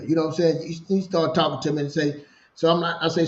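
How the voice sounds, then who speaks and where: Man, 40s, guest on a call, animated storyteller, slightly high voice, echoey dull line. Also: quick pace. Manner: animated, repeats himself, acts out dialogue. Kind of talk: casual storytelling. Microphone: video call. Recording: lo-fi roomy video call.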